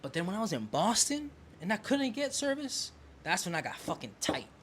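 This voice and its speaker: A man's voice: high-pitched, sing-song, a little fast, a bit bright, slight background noise. A young man co-hosting a podcast, telling a story in casual chat, swearing freely and acting out his arguments with a phone company. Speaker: podcast co-host.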